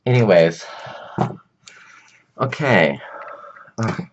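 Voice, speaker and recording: A man with a fairly low voice talks slowly and easily, rambling in a casual monologue. He jumps between thoughts, drifts off topic and keeps tossing in exclamations. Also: animated, muffled recording, background noise. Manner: chatty and exclamatory, drifts off topic mid-sentence. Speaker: vlog host and counselor.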